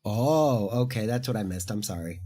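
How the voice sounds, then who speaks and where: A man's voice: fairly low pitch, lively intonation, normal speed, mellow. A man co-hosting a casual chat, speaking hesitantly with many fillers and apologies. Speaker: co-host.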